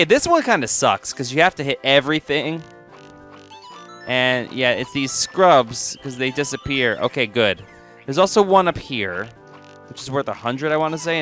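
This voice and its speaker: A man's voice: mid-range voice, fairly bright tone. A man giving casual, jokey gameplay commentary as a let's play host, chatting to the game as he plays.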